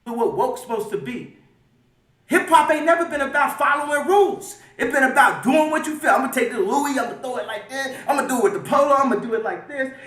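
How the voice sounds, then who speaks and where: A man being interviewed, talking emphatically and swinging between quiet and loud. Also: very high-pitched, lively intonation, brisk. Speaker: interview guest. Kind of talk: animated interview talk. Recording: roomy audio from far off.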